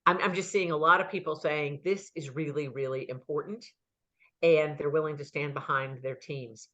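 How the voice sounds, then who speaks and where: A woman's voice: low voice, moderate pace. A woman career consultant giving advice in an online chat, telling stories and acting out the dialogue in them. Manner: lively storyteller who acts out dialogue. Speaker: career consultant, guest speaker. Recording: dull lo-fi audio.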